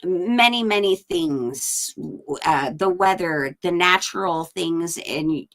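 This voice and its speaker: A woman's voice: on the low side, takes it slowly, fairly bright tone. A woman from California with a Californian accent, co-hosting a casual video-call chat in a chatty way. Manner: chatty, says like a lot. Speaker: co-host.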